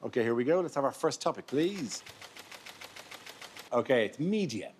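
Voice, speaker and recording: A man hosting a comedy panel show, announcing rounds and rules in a brisk manner. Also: mid-range voice, lively intonation, a little hiss or hum. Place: television studio with audience.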